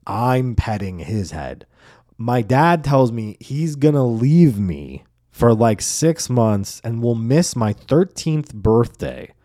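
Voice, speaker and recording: Male podcast host, low and mellow, casual profane rambler. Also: no room sound, clean studio sound. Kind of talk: solo podcast monologue.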